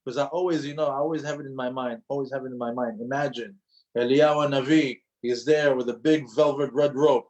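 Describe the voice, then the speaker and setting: A man teaching a religious class, speaking in an emphatic, lively way and often repeating his phrases for emphasis. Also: medium pitch, brisk, lo-fi sound. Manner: storytelling with acted quotes. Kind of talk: lecture to an audience.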